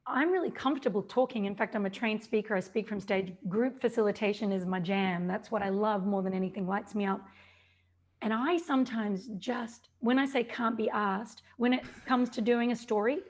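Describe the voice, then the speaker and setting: A woman's voice: fairly high pitch, fairly quick. A woman in her forties hosting a podcast, talking openly and reflectively about her own business. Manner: open and reflective, with small restarts. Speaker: podcast host. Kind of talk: casual podcast conversation.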